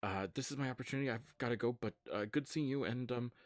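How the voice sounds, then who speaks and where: A man's voice: medium pitch, lively intonation, takes it slowly, no echo, studio quality, pitched above the performer's own voice. A man voicing a nervous young male noble with long ears, stammering and flustered in a tabletop game.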